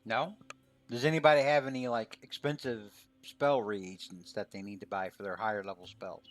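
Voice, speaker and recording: A man running a tabletop game as game master, narrating in a relaxed way full of fillers. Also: on the low side, moderate pace, soft background music.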